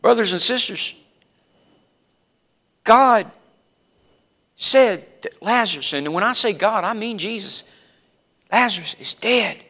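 Man preaching, high bright voice, hushed to loud swings. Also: lively intonation, slow pace, pauses often. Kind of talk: sermon.

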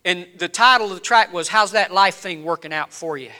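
A man preaching a sermon in a church, swinging between low, quiet lines and loud, rising appeals. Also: brisk. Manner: preaching with rising and falling intensity, dropping low then building loud. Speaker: pastor.

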